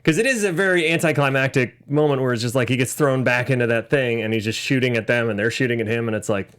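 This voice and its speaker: A man's voice: medium pitch, quick pace. A man in his thirties co-hosting a casual movie podcast, laughing often and slipping into joke voices. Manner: lively, laughs often, slips into mock voices. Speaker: podcast co-host.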